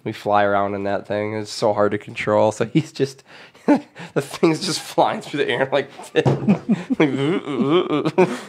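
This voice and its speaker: A man's voice: on the low side, normal speed. Laughing, rambling podcast host man. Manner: laughs often, swears freely, rambling storyteller. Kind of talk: casual chat.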